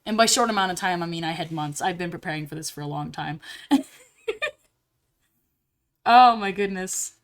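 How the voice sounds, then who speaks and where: A young woman streaming live while drawing, chatting casually and getting bubbly and squealy when excited. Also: lowish voice, normal speed, long pauses.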